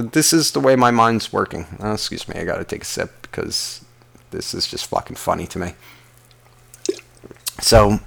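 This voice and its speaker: A man's voice: fairly low pitch, vocal fry, fairly bright tone. A man telling a rambling comic story, swearing constantly and interrupting himself. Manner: profane, rambling, self-interrupting. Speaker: vlogger.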